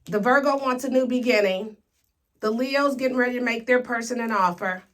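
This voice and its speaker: A woman's voice: on the high side, a little fast. A woman giving a casual, sassy tarot reading, talking straight to her viewers with playful slang. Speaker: tarot reader.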